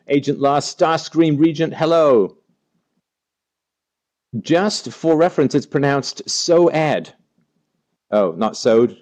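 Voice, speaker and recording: A man's voice: a little high, a little mellow. A man hosting a casual live stream, playfully greeting viewers by name and joking as he reads the chat. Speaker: livestream host.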